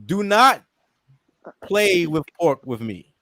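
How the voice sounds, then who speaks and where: A man's voice: high voice, sing-song, slow, bright, forceful tone, no echo. A man hosting a casual comedic chat show, joking loosely and reading viewer comments aloud. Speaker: podcast host.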